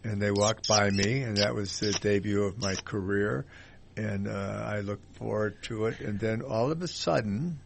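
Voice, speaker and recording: An older man with a low, gravelly voice hosts a talk radio show. He tells long, rambling anecdotes in a relaxed way, with many pauses and fillers. He sounds like a seasoned storyteller. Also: a little hiss or hum.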